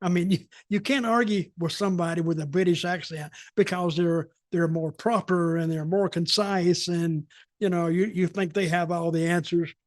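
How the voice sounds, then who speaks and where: A man's voice: high voice, steady tone, normal speed, no room sound, clean studio sound. An American man chatting as a podcast co-host in a folksy, rambling way, often repeating his words. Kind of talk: casual storytelling chat.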